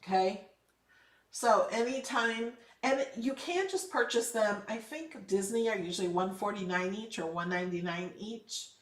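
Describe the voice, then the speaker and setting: A woman's voice: mid-range voice, unhurried, reverberant, recorded from a distance. A woman hosting a casual live craft tutorial, chatty and upbeat, encouraging and emphatic when giving advice. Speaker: craft channel host.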